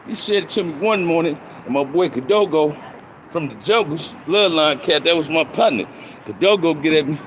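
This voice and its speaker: An older man telling stories from his past in casual street slang, and he gets animated when he reenacts fights. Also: on the high side, moderate pace, a little hiss or hum. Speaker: storyteller recounting prison life. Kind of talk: casual storytelling monologue.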